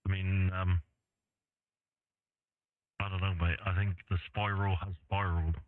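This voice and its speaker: A deep-voiced English man chats lazily on a ham radio net, drifting between thoughts with plenty of ums and uhs. The sound is thin and radio-like, as if coming through a transceiver, and very dry. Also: little pitch movement, a little slow, dry recording, narrow, tinny audio. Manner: laid-back, rambling, many fillers. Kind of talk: casual radio chat. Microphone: radio transceiver mic.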